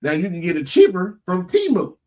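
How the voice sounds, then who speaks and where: A man hosting a casual live stream from a home computer setup, talking about side businesses in an animated, incredulous way with lots of restarts. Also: sits high, a little fast. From Florida. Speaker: host.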